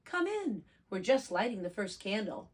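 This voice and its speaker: Friendly storybook mom, as a lady reads her, high and lively. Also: normal speed, breathy edge. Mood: welcoming. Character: warm welcoming mother.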